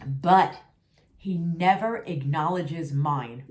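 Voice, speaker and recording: A middle-aged woman vents to her followers in a casual vlog, sassy and emphatic, repeating herself to drive each point home. Her voice sits at a middle pitch and sounds a bit worn, as if she is losing it. The room around her is noticeably echoey. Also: lively intonation, normal speed, fairly bright tone. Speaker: vlogger. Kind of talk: candid venting vlog.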